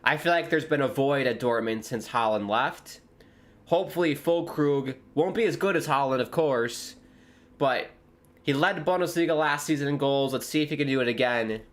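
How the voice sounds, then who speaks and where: A young American man, a streamer commentating live on a football match with viewers, bursting into loud exclamations at big moments. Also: mid-range voice, moderate pace. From United States. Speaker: watchalong streamer.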